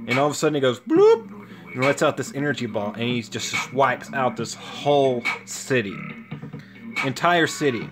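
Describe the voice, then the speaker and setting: A man casually retelling a cartoon story, rambling and halting with lots of fillers. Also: medium pitch, very animated. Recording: music playing under the voice.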